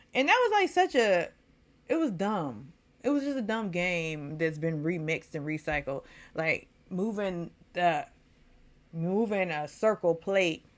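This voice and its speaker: Chatty, opinionated woman vlogger. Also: deep voice. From Texas. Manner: opinionated, chatty, mocks people in quoted voices. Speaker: recap vlogger. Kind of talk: casual recap commentary.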